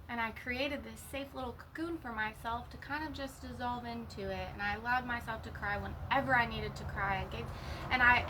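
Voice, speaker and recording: Woman, bright and forceful tone, profane and emotional, personal confessional monologue. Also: fairly high pitch, slight background noise, low-quality recording. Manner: raw, profane, emotional storytelling. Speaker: vlogger sharing a personal story.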